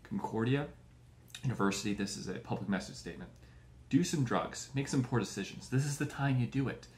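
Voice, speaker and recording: A comedy podcast host rants crudely and at length, mocking people and acting out their voices. His mid-range voice is brisk and a little mellow, with a reverberant sound.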